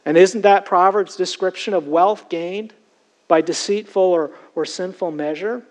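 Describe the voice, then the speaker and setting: High-voiced man preaching earnestly. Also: measured pace, darkish tone, rough recording. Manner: earnest, emphatic preaching with repeated direct address. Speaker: pastor. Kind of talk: sermon.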